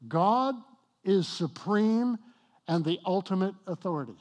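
High-voiced emphatic male preacher. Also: lively intonation, a little mellow. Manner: emphatic, slows and rises on key points, jokes with the congregation. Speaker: pastor. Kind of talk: sermon. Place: church with congregation.

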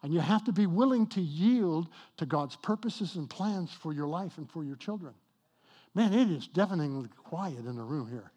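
High voiced guy preaching, punchy and slow on the big points, teasing the crowd a bit. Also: lively intonation, a little mellow, breathy edge. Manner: emphatic, slows and rises on key points, jokes with the congregation. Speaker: pastor. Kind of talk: sermon. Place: church with congregation.

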